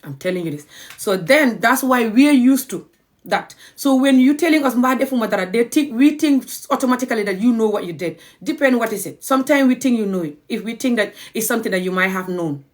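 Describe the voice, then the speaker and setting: A woman with a Gambian accent teaching a language lesson on a live stream, acting out little dialogues and spelling words slowly. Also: a little high, animated.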